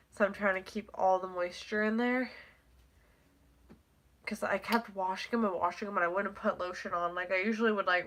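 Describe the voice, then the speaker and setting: A woman's voice: medium pitch, a bit bright. A teenage girl with a stuffy, congested nose, rambling casually on a live stream, full of "like" and casual swearing.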